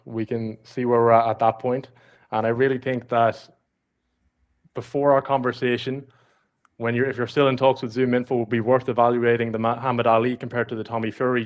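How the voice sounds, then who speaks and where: Fast-talking guy on a sales cold call, friendly but pushy, mid-pitched voice.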